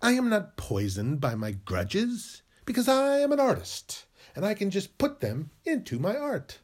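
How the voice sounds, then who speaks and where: A man's voice: sits high, huge pitch swings, a little slow, a little mellow. A man hosting a podcast, performing a comic skit where he argues with himself in two voices with a sing-song delivery. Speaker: podcast host.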